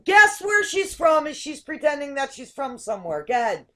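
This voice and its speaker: A woman's voice: sits high, sing-song, moderate pace, pushed and bright. A woman hosting a casual online talk show over a video call, chatty and hesitant, often repeating words. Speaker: host.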